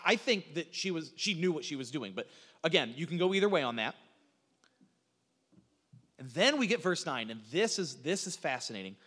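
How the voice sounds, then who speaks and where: A man with a high voice delivers a sermon, earnest and searching, often restarting his sentences. His quotations of scripture rise and ring out. The sound carries a long reverb, like a church hall. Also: a bit bright. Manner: earnest, stammering restarts, rising emphatic quotes of scripture. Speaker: pastor.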